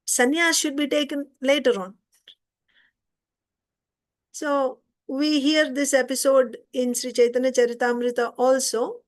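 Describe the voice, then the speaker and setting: High-voiced woman teaching a scripture class. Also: level tone, a little slow, long pauses. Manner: retells the story conversationally, stopping to explain. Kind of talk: informal scripture class lecture.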